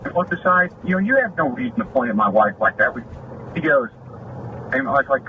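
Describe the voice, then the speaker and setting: A man's voice: medium pitch, animated, brisk. A man who works as a sheriff's deputy, telling an aggrieved story of a run-in with another deputy and acting out both sides of the argument. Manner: aggrieved, retelling a confrontation with quoted dialogue. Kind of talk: venting in a recorded police video. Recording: muffled lo-fi video with loud background noise.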